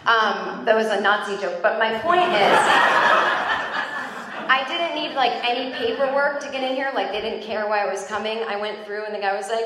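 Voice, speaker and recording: An American woman in her forties doing loose, rambling stand-up crowd work, joking at her own expense and laughing along with the room. Her voice sits fairly high for a woman. It was taped raw on a phone in the crowd, so the club sounds very echoey, with steady noise and audience laughter behind her. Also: moderate pace. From United States. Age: 40s. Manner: chatty, rambling, self-deprecating, bursts into laughter. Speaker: stand-up comedian. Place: comedy club stage before a live audience. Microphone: handheld stage mic, taped on a phone in the crowd.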